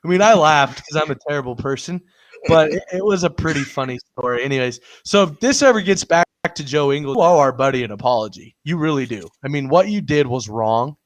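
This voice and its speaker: A man's voice: on the high side, expressive, brisk. A man co-hosting a casual sports chat, telling a story with frequent laughs. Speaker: podcast co-host.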